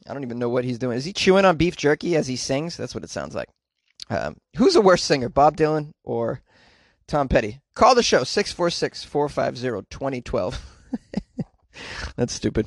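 A man's voice: medium pitch, very animated, normal speed, dry recording, studio quality. Chatty jokey male podcast host. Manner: jokey, rambling, breaks into off-key singing. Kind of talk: casual solo podcast chat.

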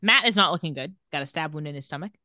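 Here a woman with a deep voice talks fast, her intonation lively and her tone bright and forceful. As a podcast co-host, she casually recaps a TV episode, retelling scenes and reading characters' lines with light sarcasm, in clean studio sound without echo.

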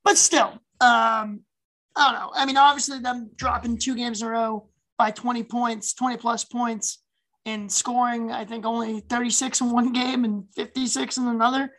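Upbeat woman co-host with a gravelly, slightly high voice; casual and chatty. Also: normal speed, low-quality recording. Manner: chatty, animated, frequent fillers. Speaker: podcast co-host. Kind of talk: casual sports chat.

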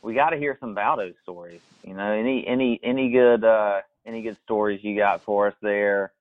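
A man hosting a podcast, asking casually with halting restarts. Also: fairly low pitch, no echo. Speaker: podcast host. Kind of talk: casual chat. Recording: tinny phone-like line.

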